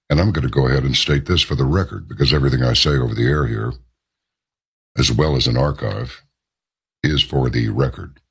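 A man's voice: a bass voice, gravelly, breathy edge. A man hosting a talk radio show, delivering an emphatic, rambling monologue full of asides and rhetorical questions.

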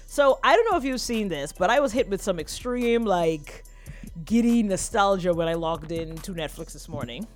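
A woman's voice: medium pitch, animated, moderate pace, faint music behind. A woman co-hosting a casual live morning show, chatty and gushing, often laughing. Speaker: co-host.

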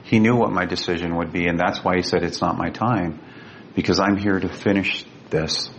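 Deep gravelly older man telling a story. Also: steady tone. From California. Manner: earnest, emotional, slows down for quoted speech. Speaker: guest. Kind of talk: personal storytelling. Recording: dull lo-fi sound with faint rumble.

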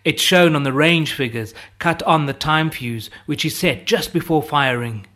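A man's voice: on the high side, normal speed, sharp tone. A man reading an audiobook voices a soldier patiently explaining how gunners work, matter-of-fact.

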